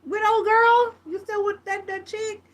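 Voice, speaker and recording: A woman's voice: extremely high pitch, level tone, measured pace, voice pushed up. A woman voicing a nosy, blunt man who greets an old friend in a store and talks crudely about his girlfriend. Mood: brash. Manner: loud, blunt, crude street talk.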